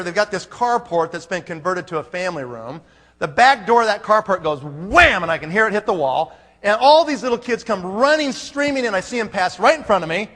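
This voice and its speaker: A man speaking at a business conference who tells a comic story, acting out each person in it. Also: high-pitched. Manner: animated, acts out every character. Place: large conference hall. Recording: long hall reverb.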